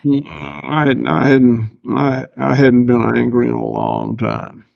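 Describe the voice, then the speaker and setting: A man's voice: mid-range voice, slow, creaky, no room sound. An older man, a farmer guest, chatting casually in an interview with laid-back, dry self-mocking humor. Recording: slightly dull lo-fi sound.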